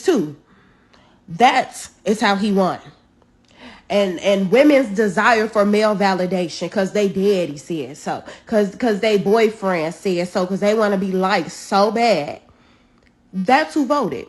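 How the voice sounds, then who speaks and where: A woman ranting into her camera, angry and foul-mouthed, pressing each point with heavy emphasis. Her voice is husky and breathy at a middling pitch. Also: lively intonation, a little slow, dry recording. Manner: furious, profane, emphatic. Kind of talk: angry social media rant.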